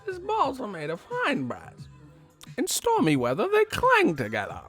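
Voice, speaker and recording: A man putting on a tipsy, jolly leprechaun voice with a mock Irish accent, high and lilting. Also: wildly swooping pitch, a little slow, a bit bright, breathy edge, faint music behind, exaggerated voice. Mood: giddy. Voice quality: high, lilting and sing-song.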